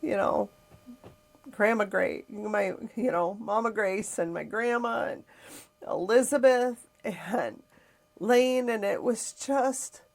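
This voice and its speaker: Gravelly middle-aged woman, reflective. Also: a little high, slow pace. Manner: reflective, emotional, sighing. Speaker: podcast host. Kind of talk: personal storytelling podcast.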